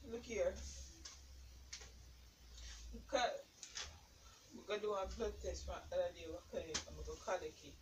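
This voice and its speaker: A woman's voice: medium pitch, normal speed, pauses often, background noise. A woman filming a prank on her partner, soothing him over and over with pet names while half-crying and laughing. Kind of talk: casual prank video.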